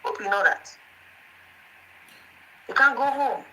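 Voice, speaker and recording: A woman's voice: on the high side, expressive, takes it slowly, bright, forceful tone, a little hiss or hum, poor audio. A woman caller with a Nigerian accent, ranting agitatedly on a call-in show and repeating her words. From Lagos, Nigeria. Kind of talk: call-in rant.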